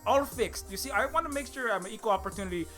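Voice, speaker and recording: A man's voice: sits high, animated, very fast, sharp tone, soft background music. A man giving rambling, sarcastic satirical commentary as a video essayist. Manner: rambling, sarcastic, many fillers and restarts.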